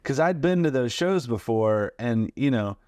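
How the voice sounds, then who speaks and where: A man's voice: medium pitch, normal speed, dry recording, studio quality. A man in his forties, a comedian guest, telling stories animatedly and acting out the quotes, with plenty of fillers. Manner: animated anecdotes, acts out quotes, lots of fillers. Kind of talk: storytelling interview.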